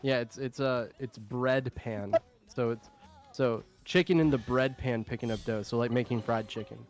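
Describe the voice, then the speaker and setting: A man's voice: mid-range voice, fairly even intonation, moderate pace, soft background music. A man from the American South chatting casually with friends, easygoing and explanatory. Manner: easygoing, explains things, hesitant restarts. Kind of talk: casual chat.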